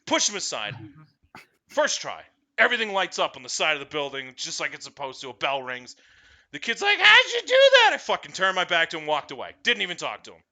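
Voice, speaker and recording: A man telling comedic stories in a profane, animated way, breaking into shrill shouted impressions. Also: brisk. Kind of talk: comedic storytelling.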